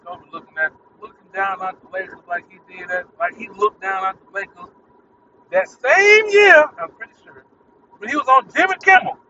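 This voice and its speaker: Irritated, cursing high-voiced man on a muffled mic. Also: animated, fairly quick, pushed and bright, distant mic, slight background noise. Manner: irritated, profane, rambling. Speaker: podcast host. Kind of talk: casual solo rant.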